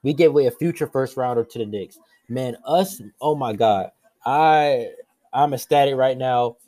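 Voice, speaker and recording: A young man reacting live as a sports fan, excitable and repeating himself in his joy. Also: mid-range voice, normal speed, no echo. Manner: excitable, repetitive, breathless with joy.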